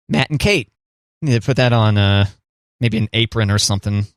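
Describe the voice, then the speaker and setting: A man's voice: on the low side, brisk, smooth, no room sound. Joking man on a dry close mic. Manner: joking, playful. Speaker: podcast co-host. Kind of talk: casual chat.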